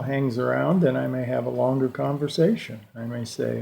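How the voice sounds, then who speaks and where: An older man giving a slow, reflective personal talk at a church service, telling stories with pauses. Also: mid-range voice, steady tone, vocal fry, a little mellow. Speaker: church lay speaker.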